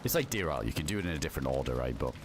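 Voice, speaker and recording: A man's voice: rumbling low, sing-song, racing, noisy background. A man streaming a survival game and chatting casually, rambling and swearing often. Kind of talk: casual gameplay commentary.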